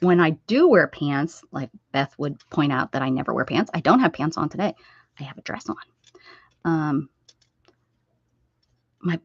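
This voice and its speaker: A woman hosting a casual craft livestream, rambling and chatting warmly with viewers as she sews. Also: deep voice, vocal fry, slightly rough, dry recording. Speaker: livestream host. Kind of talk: casual livestream chat while sewing. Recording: dull, dry lo-fi sound.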